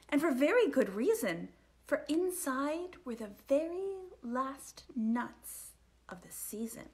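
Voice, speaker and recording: A woman reading a rhyming children's picture book aloud, expressive and sing-song, sometimes dropping to a whisper. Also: sits high, takes it slowly. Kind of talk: storytime read-aloud.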